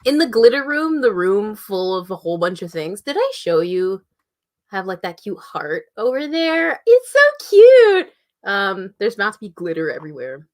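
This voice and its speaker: A woman's voice: mid-range voice, very animated, normal speed, a little mellow. A woman in her twenties with a Canadian accent, chatting casually on a livestream, reading out chat messages and laughing often. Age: 20s. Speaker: writing channel host.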